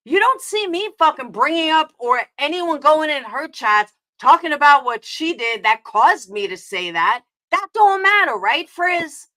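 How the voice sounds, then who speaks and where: Streamer, woman, New York accent; high, sharp voice, angry profane rant at her chat. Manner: heated, profane, confrontational, answering chat.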